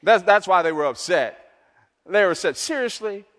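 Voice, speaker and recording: A man preaching a sermon in a church, emphatic and repetitive, swinging between loud, lifted lines and hushed ones. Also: sits high, moderate pace. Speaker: pastor. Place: large church hall. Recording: long reverb of a large hall.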